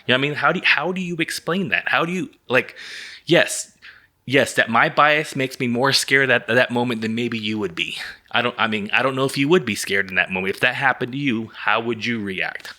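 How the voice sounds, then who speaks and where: Bright-voiced man telling animated stories. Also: mid-range voice, brisk. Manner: animated, profane storytelling. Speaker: podcast co-host. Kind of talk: casual chat.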